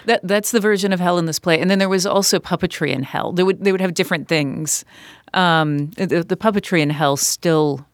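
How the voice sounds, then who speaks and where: A woman's voice: fairly low pitch, brisk, dry recording, clean studio sound. A woman guest on a podcast, an author and puppeteer, chatting casually and telling stories with many fillers and restarts. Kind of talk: casual conversation.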